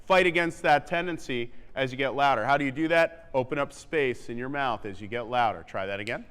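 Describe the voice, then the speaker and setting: A man coaching a wind band in rehearsal, briskly counting off and singing the rhythms to show them. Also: medium pitch, a bit bright, smooth. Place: theatre stage. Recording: long theatre reverb with faint band.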